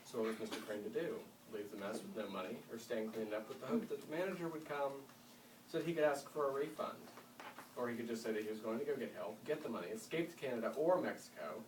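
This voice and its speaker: A man reading a story aloud to school classes, lively with dramatic swells, recorded from across a roomy indoor space. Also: mid-range voice, quick pace, slight background noise. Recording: roomy room, mic far off.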